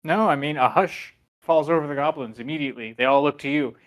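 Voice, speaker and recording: A game master narrating a tabletop game, halting with many ums and uhs. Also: medium pitch.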